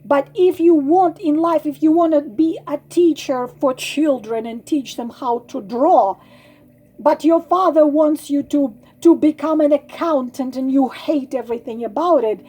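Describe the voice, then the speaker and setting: Slow high-voiced woman giving earnest advice. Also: warm tone. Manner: pleading, repeats herself, many ums and restarts. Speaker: tarot channel host giving advice.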